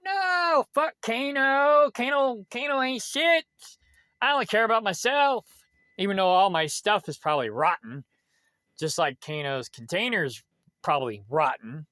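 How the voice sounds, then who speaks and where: A man's voice: sits high, animated, a little slow, sharp tone, no echo, studio quality, voice pushed up, full character voice. A man putting on a mocking impression of a selfish, whiny man he is angry with. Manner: sneering mockery.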